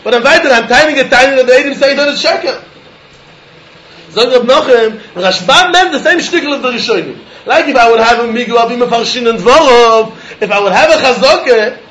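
High-voiced man teaching Talmud. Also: reverberant, poor audio. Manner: animated, questioning, mixing Yiddish and Hebrew terms. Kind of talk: Talmud lesson.

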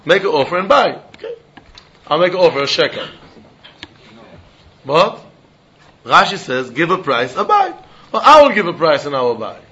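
Animated Talmud teacher with lilt. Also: male voice, fairly high pitch, normal speed, pauses often, muffled recording, a little hiss or hum. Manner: sing-song study-hall explaining, acting out both sides of a deal. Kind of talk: animated Talmud class lecture.

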